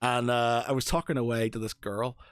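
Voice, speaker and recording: A man's voice: medium pitch, brisk, smooth, dry recording, clean studio sound. A man in his thirties from Northern Ireland with a Northern Irish accent, co-hosting a podcast and telling stories in a rambling, chatty way full of fillers. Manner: rambling storyteller, lots of fillers and animated asides. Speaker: podcast co-host. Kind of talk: casual chat.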